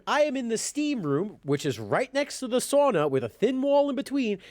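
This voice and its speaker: Lively, foul-mouthed young man. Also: sits high, no room sound, clean studio sound. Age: young adult. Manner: profane, animated and blunt. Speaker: YouTuber. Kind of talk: ranting commentary vlog.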